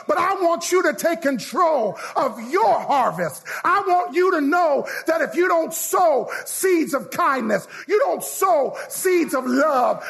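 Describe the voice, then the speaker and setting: A man a sermon, calling out to the congregation and leading call-and-response, his lines half sung and shouted. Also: very high-pitched, vocal fry. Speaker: pastor.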